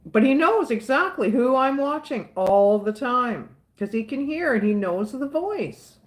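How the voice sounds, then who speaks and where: Slow-talking Southern woman, chatty and outspoken. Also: a little high, expressive. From Southern United States. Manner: outspoken, rambling, repeats herself. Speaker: livestream host answering chat. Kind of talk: casual live chat.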